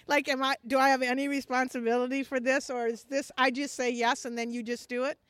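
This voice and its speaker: A woman who leads a missions ministry, telling a personal testimony in an animated way and acting out the dialogue. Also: high voice, fairly quick, hardly any pauses, no room sound.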